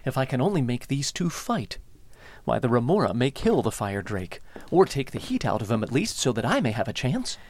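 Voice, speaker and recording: A man voicing a clever, excitable young prince in a storybook reading, calling out eagerly and taunting a monster with sly messages. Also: medium pitch, a little fast. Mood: scheming eager.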